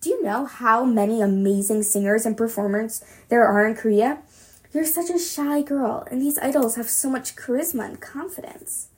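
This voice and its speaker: A woman's voice: fairly high pitch, moderate pace, close to an everyday voice. A woman reading as a firm, worried mother. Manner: soft but firm. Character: worried strict Korean mother.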